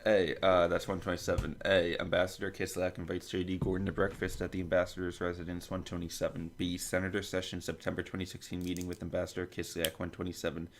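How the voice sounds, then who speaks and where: A man's voice: sits low, completely flat delivery, fast talker, hardly any pauses, a little hiss or hum. A man hosting a podcast, reading a long table of contents aloud, stumbling over foreign names and making asides. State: dry throat, coughing. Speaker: podcast host.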